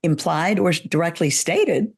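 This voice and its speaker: In an interview, a woman with a husky voice who coaches public speaking offers careful, deliberate guidance, showing off pitch shifts as she goes.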